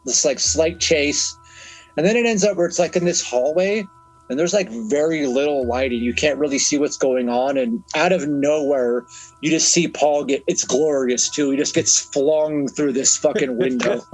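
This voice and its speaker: A man's voice: a little high, normal speed, soft background music, low-quality recording. A young man co-hosting a podcast, recapping a horror film in loose, profane chat and laughing often. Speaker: podcast co-host. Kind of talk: casual movie review chat.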